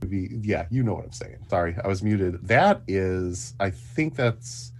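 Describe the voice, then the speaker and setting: A man's voice: low-pitched, expressive, a little slow, slight background noise. A man playing in a tabletop game over a voice call, rambling and joking, often stumbling over his words. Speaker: player.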